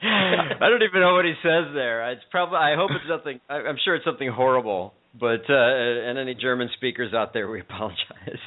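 A man's voice: medium pitch, a little fast, phone-quality sound, a little hiss or hum. A man hosting a casual talk radio show, rambling and swearing loosely between songs. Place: studio in Los Angeles.

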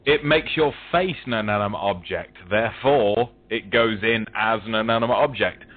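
A British man with a fairly low voice tells crude jokes in a dry, deadpan way. His voice comes through a narrow, tinny phone line. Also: normal speed. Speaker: caller. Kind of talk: casual call-in chat.

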